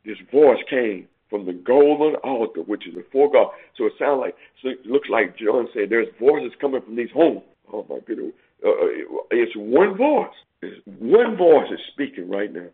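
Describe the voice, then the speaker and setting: A male preacher delivers an emphatic sermon in a gravelly, husky voice. He repeats phrases and jumps up in pitch to drive home his warnings. The sound is a tinny, phone-like radio broadcast. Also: big pitch swings, normal speed, hardly any pauses. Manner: emphatic, repeats phrases, swings from low to high pitch when stressing points.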